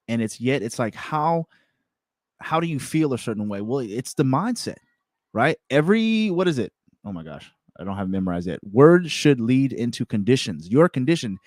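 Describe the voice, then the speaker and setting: A young man hosting a self-improvement show, telling a personal story in a candid, repetitive, animated way. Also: medium pitch, no echo, clean studio sound. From California. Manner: candid, repeats words, animated retelling with laughs. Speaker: self-improvement podcast host.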